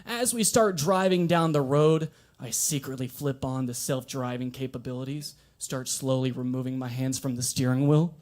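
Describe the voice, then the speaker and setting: A man performing a stand-up comedy set at an open mic in a coffee shop, switching between a dry deadpan and sudden animated bursts. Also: mid-range voice, moderate pace.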